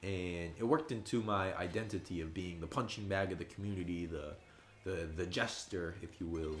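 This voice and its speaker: A man in his twenties chatting casually on a gaming livestream, telling stories and jumping high and loud when he quotes his friends. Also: moderate pace. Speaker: streamer. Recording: roomy echo.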